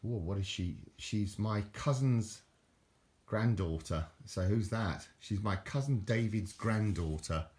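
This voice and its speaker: A rambling older man with a southern English accent talks to camera in a low voice, chuckling and wandering from thought to thought. He repeats words and restarts sentences as he goes. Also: slow, a little mellow. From southern England. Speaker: vlogger. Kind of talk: rambling casual chat to camera.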